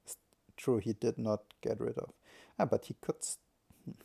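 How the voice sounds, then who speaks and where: A man's voice: medium pitch, fairly even intonation, moderate pace, vocal fry, mellow, slightly rough. A man giving live solo commentary on a strategy game, thinking aloud and often correcting himself.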